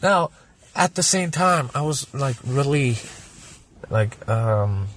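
A man's voice: medium pitch, lively intonation, slow pace, fairly bright tone, a little hiss or hum. A man originally from Germany, talking casually as a podcast guest, rambling and swearing through a personal story.

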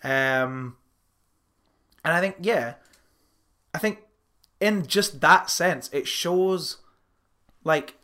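A young man co-hosting a podcast, chatting casually, animated, swearing freely and laughing often. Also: fairly high pitch, extremely slow, long pauses. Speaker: podcast co-host. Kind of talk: casual chat.

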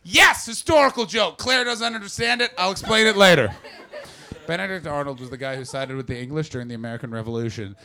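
A man from Canada doing brash, profane stand-up crowd work, often jumping into loud shouted voices. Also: a little high, fast. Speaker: stand-up comedian. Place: comedy club with audience.

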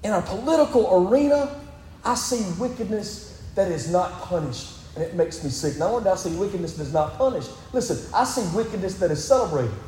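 Emphatic high-voiced pastor preaching in a hall. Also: male voice, very animated, brisk, darkish tone, slight background noise. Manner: emphatic, repeatedly urging "listen". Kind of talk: sermon. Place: church sanctuary. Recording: echoey hall.

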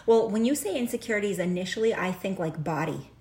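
A woman's voice: medium pitch, fast talker. Chatty woman telling a story. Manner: animated storyteller, acts out quoted voices. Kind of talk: casual chat.

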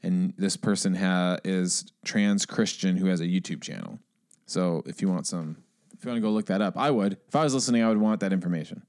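A man with a somewhat low voice co-hosts a podcast in easy, casual chat. He reads listener comments aloud, stumbling now and then and laughing at himself. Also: fairly quick, darkish tone. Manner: playful, self-deprecating, stumbles while reading. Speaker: podcast co-host.

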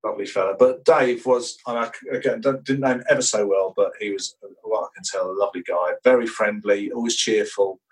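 A musician guest in a radio interview, telling rambling, enthusiastic anecdotes. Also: male voice, lowish voice, fairly even intonation, brisk, few pauses, far from the mic, low-quality recording.

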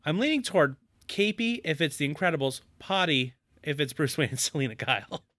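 A man's voice: fairly high pitch, brisk, no room sound, studio quality. A man co-hosting a podcast, recapping a movie in casual chat and acting out characters' lines with jokes. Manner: animated, jokey, acts out quoted characters. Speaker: podcast co-host.

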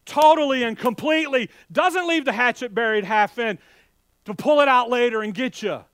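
A man preaching a sermon with fiery, animated delivery, swinging between loud outbursts and hushed asides and speaking in a folksy, direct way to his congregation. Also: very high voice, moderate pace, clear, resonant tone, no echo. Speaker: pastor.

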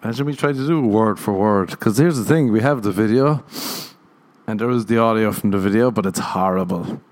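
A young man talks straight to his listeners in a loose, rambling comic monologue. His voice sits a little low, and he keeps poking fun at himself. He laughs at his own stories as he goes. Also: brisk, darkish tone. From Ireland. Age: young adult. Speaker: comedian podcast host. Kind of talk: casual comedic monologue.

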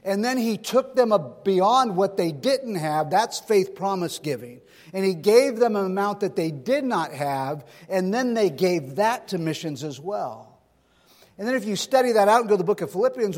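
A man's voice: high-pitched, darkish tone, in a large hall. A man from California, a pastor preaching a sermon in a folksy way, telling stories and asking the congregation rhetorical questions.

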